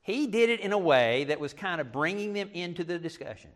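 A middle-aged male pastor preaching a sermon, animated, with self-deprecating asides. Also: high voice, brisk.

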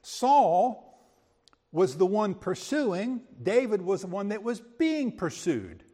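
A man's voice: sits high, big pitch swings, takes it slowly, warm tone, in a large hall. A man teaching a verse-by-verse Bible sermon in a conversational way, with quips and rhetorical questions. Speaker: preacher.

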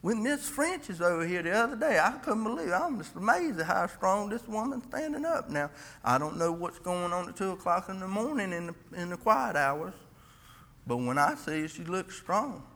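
Man, folksy lay preacher, bright higher voice, long hall reverb. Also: expressive, normal speed. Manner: earnest, folksy, with frequent restarts and scripture reading. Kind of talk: informal church sermon.

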